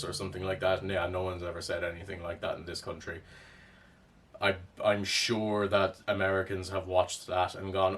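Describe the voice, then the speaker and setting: A man's voice: sits low, level tone, normal speed, fairly bright tone, far from the mic. A young man with a Cork Irish accent, rambling through casual commentary with a wry tone and plenty of swearing. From Ireland.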